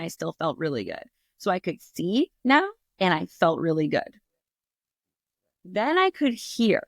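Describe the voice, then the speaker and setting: Clean, dry studio audio captures a woman author's medium-pitched, creaky voice as she guests on an interview show. She tells a personal story candidly and animatedly, swearing freely, acting out how she reacted, and filling it with fillers.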